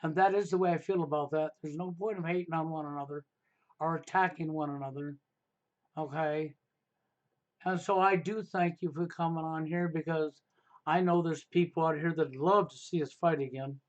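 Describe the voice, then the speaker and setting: Speaking at a normal pace with fairly even intonation, a middle-aged livestream host offers casual advice in a high-pitched voice. His delivery is emphatic and preachy, and he keeps punctuating points with "okay?". The recording is dull and lo-fi.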